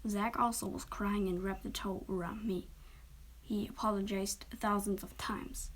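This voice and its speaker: Woman storyteller, gentle half-whisper, mid pitch, small restarts. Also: steady tone, normal speed, rough recording. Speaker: storyteller reading her own story. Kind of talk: soft-spoken story reading.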